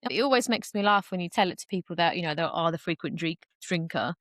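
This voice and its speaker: A young woman talks in a chatty, open way as a guest on a podcast. Her voice sits a little low, and she leans on fillers and acts out the voices she quotes. The recording is close and dry. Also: fast talker, a bit bright, dry recording. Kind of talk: casual conversation.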